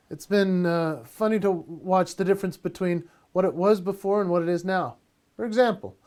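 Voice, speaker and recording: A man doing a playful, self-mocking comic monologue from his home office and laughing at his own jokes. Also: sits high. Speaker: comedian and entertainer.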